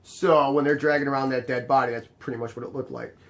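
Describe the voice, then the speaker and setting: Talking fast at a medium pitch, a young man tells a laid-back story about bouncing at a bar, playing both people in the exchange with animated exasperation.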